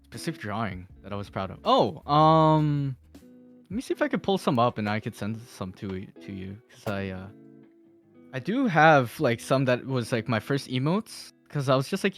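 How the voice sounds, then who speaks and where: A man's voice: medium pitch, sing-song, normal speed, fairly bright tone, soft background music. A man talking as a podcast guest in casual chat, rambling with fillers and restarts and laughing often. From Philippines.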